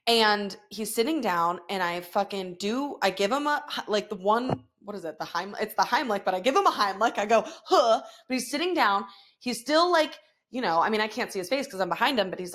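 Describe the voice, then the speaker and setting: A woman's voice: fairly high pitch, a bit bright. A woman hosting her own podcast, telling a story in a profane, dramatic, casual way full of fillers. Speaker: podcast host. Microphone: podcast microphone.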